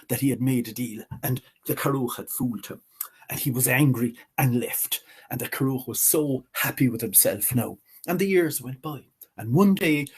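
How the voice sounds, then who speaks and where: A man telling a folk tale in a measured way, slowing on key words. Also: mid-range voice, breathy edge. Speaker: storyteller.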